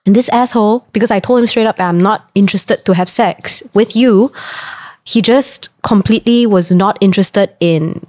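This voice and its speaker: A woman's voice: medium pitch, moderate pace, a little mellow. A young woman, telling a dating story in casual chat with frank indignation. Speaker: guest.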